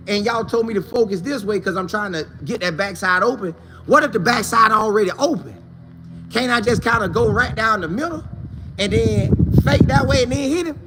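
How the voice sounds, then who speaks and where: A man hosting a casual sports talk show, animated and playful, acting out quoted coaches and players in different voices. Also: high-pitched.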